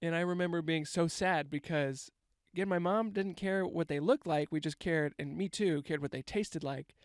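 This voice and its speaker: Rambling, swearing man with a smooth voice. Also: on the high side, moderate pace, no room sound, clean studio sound. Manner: rambling, profane, self-mocking. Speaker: comedian. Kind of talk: casual comedic storytelling monologue.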